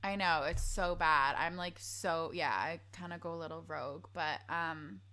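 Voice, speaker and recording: A woman's voice: low-pitched, fairly even intonation, normal speed, bright, forceful tone. A young woman from Canada, a podcast guest in casual chat, rambling with many fillers and giggles.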